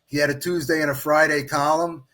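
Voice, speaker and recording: With a slightly high voice and a fairly quick pace, a middle-aged man joins a podcast as a guest and official baseball scorer. He relates a long anecdote in relaxed conversation, animatedly quoting the people involved.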